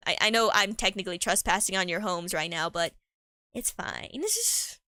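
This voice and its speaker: Young woman streamer, giggly and rambling, bright higher voice, dry close sound. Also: brisk, clean tone, dry recording. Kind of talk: improvised role-play chat.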